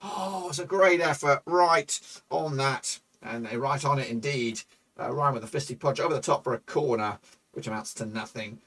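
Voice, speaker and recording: A man commentating his own football management game for viewers, excitable and swearing, shouting at goals. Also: medium pitch, normal speed, far from the mic. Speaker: gaming YouTuber.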